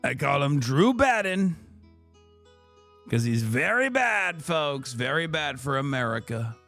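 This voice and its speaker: A man's voice: on the high side, very animated, takes it slowly, pushed and bright, faint music behind, full character voice. A man putting on the voice of a blustering older politician, repetitive and boastful. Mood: mocking. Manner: repetitive, boastful, punchy phrases.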